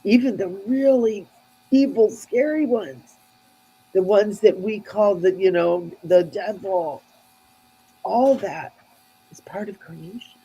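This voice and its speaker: A woman's voice: mid-range voice, slow pace, long pauses, warm tone, husky, dull audio. A woman telling a spiritual story in an earnest, heartfelt way, often restarting her sentences.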